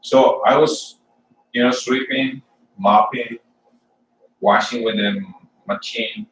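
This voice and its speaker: A man's voice: mid-range voice, steady tone, fairly bright tone, far from the mic. Man, church sermon testimony, repeats his words, roomy echo, faint room hum. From Colombia. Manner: halting, repeats words, plain storytelling. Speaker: church speaker.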